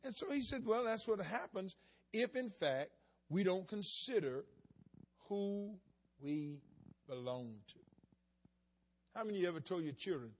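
A man preaching a sermon, swinging between soft conversational asides and sudden shouted, rising emphasis. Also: high-pitched, big pitch swings, normal speed, long pauses. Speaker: pastor.

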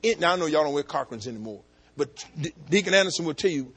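Middle-aged preacher, husky and animated, folksy sermon with shouted peaks. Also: male voice, fast. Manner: preaching, swings between low asides and shouted climaxes; folksy storytelling, talks to the congregation directly. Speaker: pastor.

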